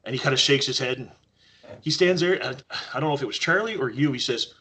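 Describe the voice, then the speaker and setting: There's a breathy edge to this Canadian man's mid-range voice as he talks quickly. As a podcast guest he spins casual stories, animatedly acting out the lines he quotes.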